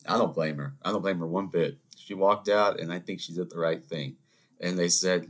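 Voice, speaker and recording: Deep-voiced man ranting. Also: moderate pace. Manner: animated storytelling, rambling asides, mock voices. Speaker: podcast host. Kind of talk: solo ranting monologue.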